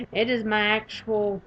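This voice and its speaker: A young woman with a Southern US accent reads a visual novel aloud and comments on it, gushing and animated. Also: medium pitch, slow, muffled recording, slight background noise. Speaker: gaming YouTuber.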